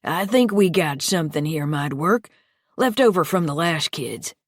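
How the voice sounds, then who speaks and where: A woman's voice: low-pitched, animated, normal speed, no echo, clean studio sound. A woman voicing a mocking, sleazy grown man with a crude, sing-song way of talking in an audiobook thriller.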